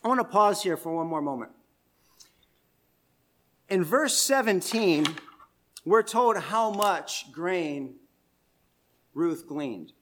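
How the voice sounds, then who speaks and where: A man's voice: sits high, animated, takes it slowly, long pauses, fairly bright tone, slight background noise. A male pastor preaching an expository sermon, explaining step by step in a conversational way and putting questions to his listeners.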